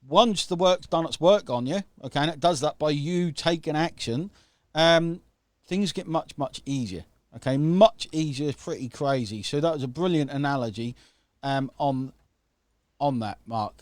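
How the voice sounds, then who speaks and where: A man's voice: medium pitch, moderate pace, no room sound. A man hosting an online interview, talking casually and enthusiastically, often checking in with "okay?". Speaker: host.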